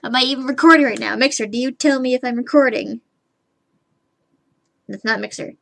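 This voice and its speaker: Brisk and a little high, this woman's voice is gravelly and a bit bright. She chatters through a live drawing stream, rambling to herself, muttering and humming while she works, and swearing offhandedly at her frustrating computer.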